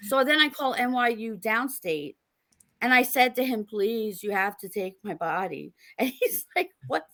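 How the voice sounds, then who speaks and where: A middle-aged woman, a guest author on a podcast, tells stories in a lively, laughing way and acts out the people she quotes. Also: a little high, a little slow. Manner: animated, laughing storyteller acting out quotes. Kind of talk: casual interview storytelling.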